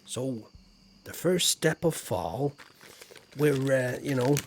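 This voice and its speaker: A chatty middle-aged English man livestreaming a cosy farming game, talking to his chat in a relaxed, rambling way. His voice sits at an everyday middle pitch, and he often drops into quiet mumbled asides before perking up again. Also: slow pace, slight background noise. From England. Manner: chatty and playful, muttering asides, trailing off. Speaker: game streamer. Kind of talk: casual live-stream gameplay chat.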